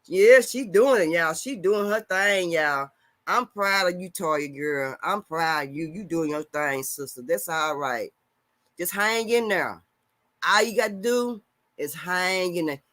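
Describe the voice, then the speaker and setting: A man with a high voice holds forth on a casual live stream, reading out viewer comments and answering them. He preaches and scolds, swinging from loud outbursts to low mumbling. The sound is dry and close to the mic. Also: no room sound.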